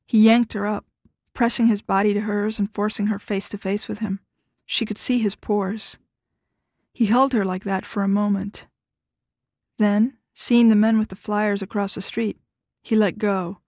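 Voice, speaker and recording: Woman reading a story, measured. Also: mid-range voice, steady tone, darkish tone, no echo, clean studio sound. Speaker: narrator. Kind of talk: scripted narration.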